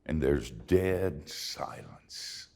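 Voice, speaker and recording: An older man preaching a sermon, telling folksy, self-deprecating stories in an expressive way. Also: very deep voice, extremely slow, creaky, long reverb tail. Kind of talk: sermon with storytelling.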